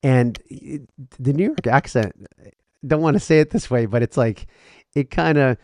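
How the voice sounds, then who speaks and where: A man's voice: medium pitch, animated, normal speed, a little mellow. A man from the Northeast US co-hosting a podcast, rambling and opinionated, full of fillers. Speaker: podcast co-host. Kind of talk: casual banter.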